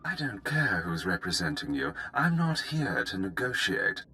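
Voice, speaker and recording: A cold, ruthless Imperial commander from a video game, issuing threats in a clipped, commanding tone. His pitch rises and falls dramatically and his tone is sharp and forceful. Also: very animated, a little slow, slight background noise, exaggerated voice, poor audio. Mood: menacing. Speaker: game character.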